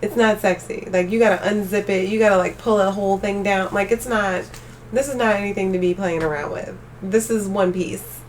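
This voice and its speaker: A young woman live streaming, chatting casually with her viewers and ranting with animated energy. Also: mid-range voice, fairly quick, distant mic, a little hiss or hum. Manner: animated ranting, talks straight to chat.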